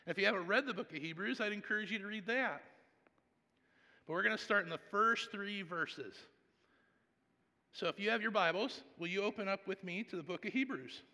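A man preaching as a pastor. He tells stories conversationally, and his loudness swings from hushed to loud. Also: high voice, a little fast, big-room sound. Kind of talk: sermon.

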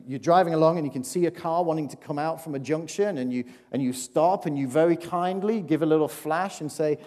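A man's voice: on the high side, a little mellow. A man giving a playful children's talk in a church service, chatting and asking the audience questions. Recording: long reverb of a large hall.

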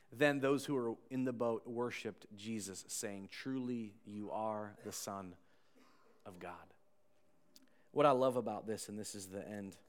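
A pastor with a medium-pitched voice preaches a sermon in a large hall, swinging between loud, emphatic lines and hushed storytelling.

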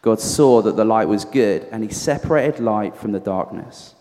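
A man with a Southern American accent reading scripture aloud at a measured, deliberate pace in a church. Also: lowish voice, dark tone, a little hiss or hum. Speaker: scripture reader. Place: church hall. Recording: echoey church hall, off mic.

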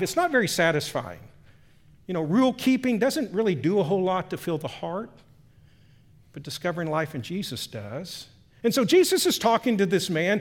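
A man preaching a sermon to a room, reading scripture and swinging from hushed tones to emphatic lines. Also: high-pitched. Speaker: pastor. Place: church or meeting room.

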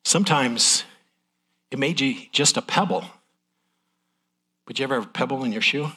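A man's voice: mid-range voice, normal speed, pushed and bright, breathy edge. A middle-aged man preaching a sermon in a folksy, candid, emotional way. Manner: folksy, transparent, emotional delivery.

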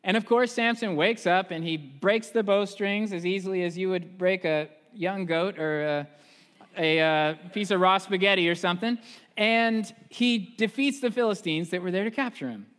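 A male pastor preaching a sermon in a church, retelling a story in casual, animated style with fillers. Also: sits high, moderate pace, in a large hall.

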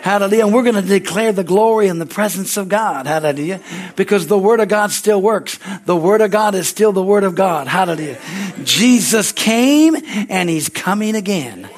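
A man's voice: high-pitched, normal speed. A man preaching a fervent sermon at a church service, punctuating his lines with hallelujahs and amens. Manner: shouts excitedly when acting out a story. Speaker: pastor.

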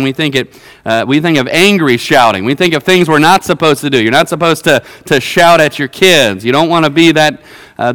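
A man's voice: fairly high pitch, a bit bright, smooth. A man in his thirties preaching a sermon in a church, earnest and conversational with frequent filler sounds. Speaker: pastor. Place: church worship center. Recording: long reverb of a worship hall.

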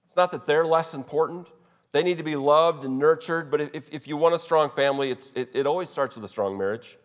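A man's voice: a little high, a little fast. A man preaching a sermon as pastor, earnest and emphatic, often restarting his phrases. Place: church sanctuary. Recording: long hall reverb.

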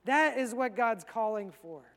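A male pastor preaching a sermon in a conversational way, acting out quick asides. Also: very high voice, lively intonation, fairly bright tone, clear, resonant tone, in a large hall.

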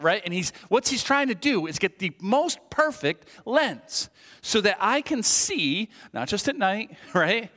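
A man in his forties preaching a sermon, chatty and animated, telling jokes about himself and stumbling over restarts. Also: sits high, measured pace. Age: 40s. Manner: animated, chatty, self-deprecating, lots of restarts. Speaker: pastor. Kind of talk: sermon with humorous stories. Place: church sanctuary. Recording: reverberant hall.

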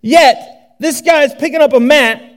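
Keeping a measured pace, a male pastor with a very high-pitched voice preaches his sermon. His style is animated and conversational, shifting from loud exclamations into hushed asides.

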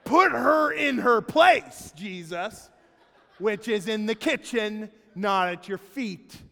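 A man voicing an indignant, put-upon woman who complains in a shrill, pleading way, in a church with a long hall reverb. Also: lively intonation, takes it slowly, gravelly, pushed and bright, full character voice.

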